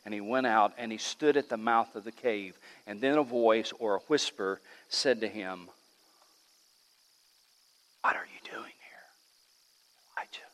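A man preaching a sermon as pastor in a church, swinging between loud emphatic lines and hushed ones. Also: medium pitch. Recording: long reverb of a large hall.

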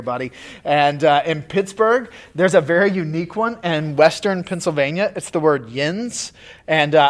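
Man, pastor, conversational sermon, slightly high voice, chatty, loose filler-heavy delivery. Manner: casual and chatty, with many fillers and restarts.

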